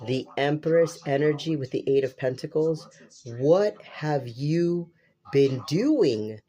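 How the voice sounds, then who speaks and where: A man with a stuffy nose and an unusual voice does a casual tarot reading, speaking slowly in a fairly high, warm tone. The audio has its highs cut off, and he repeats himself and exclaims with casual swearing.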